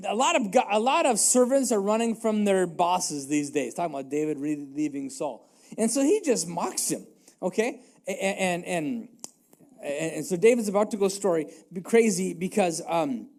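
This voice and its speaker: A man's voice: sits high, expressive, normal speed, a little mellow. A man preaching a casual, humorous sermon as pastor, rambling with many fillers, restarts and jokes.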